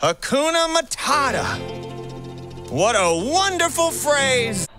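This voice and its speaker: A man imitating a cheerful cartoon animal in a high, sing-song voice. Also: sing-song, slow pace, music in the background, heavily acted.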